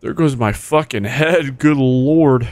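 A man's voice: mid-range voice, takes it slowly, dry recording. Young male streamer, casual gameplay chatter, heavy swearing, sudden panicked yelps. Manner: excitable, swears often, jumps to yelps when hit. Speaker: gaming streamer.

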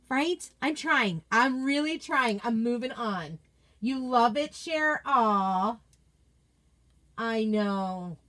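Female host, high voice, gushing and chatty, casual live craft unboxing. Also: a bit bright. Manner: gushing, chatty, reads viewer comments aloud. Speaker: craft product consultant and host.

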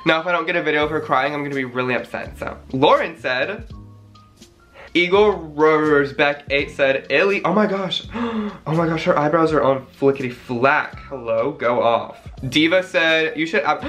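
Brief: young male vlogger, bright lively voice, gushing and dramatic, faint music under. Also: fairly high pitch. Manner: gushing, dramatic, quick gasps and sighs. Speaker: vlogger reading fan messages. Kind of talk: casual chat.

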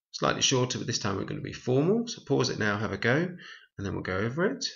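A man teaching a Spanish lesson, reading example lines slowly and explaining each step clearly. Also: fairly low pitch, fairly bright tone, lo-fi sound. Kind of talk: recorded language lesson.

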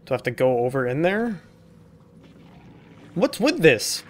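A man's voice: on the high side, very animated, measured pace. A young man doing let's-play commentary, casual and profane, sarcastically reading notes aloud.

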